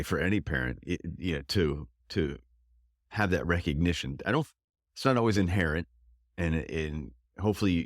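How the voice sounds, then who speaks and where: A male podcast host speaking in a measured, thoughtful way with some restarts. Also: low voice, dry recording, clean studio sound. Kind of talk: conversational interview.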